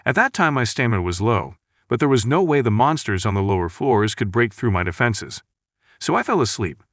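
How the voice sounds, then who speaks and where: A man's voice: mid-range voice, sing-song, a little fast, fairly bright tone, no room sound, clean studio sound. A man reading the lines of a brash dead warrior ghost who boasts and mocks, in a recap narration. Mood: boastful. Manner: boastful, scolding, mocking. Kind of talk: recap narration with read-out dialogue.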